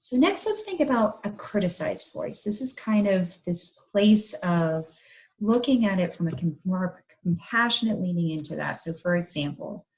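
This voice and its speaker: Woman, 30s, low voice, gentle reflective psychologist leading an online talk. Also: animated, normal speed, poor audio. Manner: gentle, reflective, guiding listeners through an exercise. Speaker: psychologist giving a parent talk.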